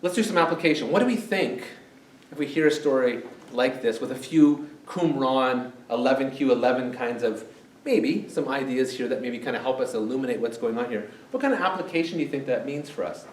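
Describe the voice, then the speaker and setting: A man's voice: medium pitch, fairly quick, slight background noise. Man preaching, echoey and distant. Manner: conversational, asks the congregation questions. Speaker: pastor. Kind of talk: sermon. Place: church sanctuary. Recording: echoey church hall, mic far off.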